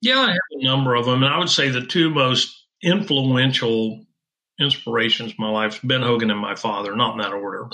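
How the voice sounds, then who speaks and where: A man's voice: medium pitch, brisk, bright, forceful tone, rough recording. A middle-aged man who designs golf wedges, telling stories in an interview with an emphatic, self-assured manner. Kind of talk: interview conversation.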